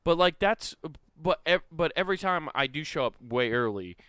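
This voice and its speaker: A man's voice: on the high side, expressive, normal speed, fairly bright tone, clean tone, no room sound, studio quality. A man on a casual podcast telling a rambling story full of fillers and swearing. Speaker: podcast host.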